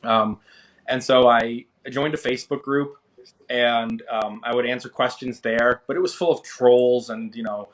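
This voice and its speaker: A man in his thirties, an interview guest, telling his story in a casual, animated way and acting out what others said. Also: a little slow. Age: 30s. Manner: animated, acts out quoted people with rising pitch. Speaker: interview guest, finance creator.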